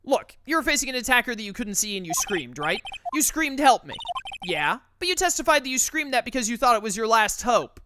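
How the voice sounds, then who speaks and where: A woman's voice: on the high side, big pitch swings, a little fast, background noise. A woman reading the lines of an earnest young male defense lawyer, pressing a witness with questions. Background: game music.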